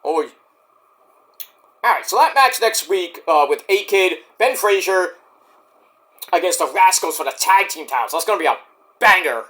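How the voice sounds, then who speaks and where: A man casually reviewing a wrestling show on his own, animated and excitable, breaking into high-pitched outbursts. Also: moderate pace, pauses often. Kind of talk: casual solo review vlog.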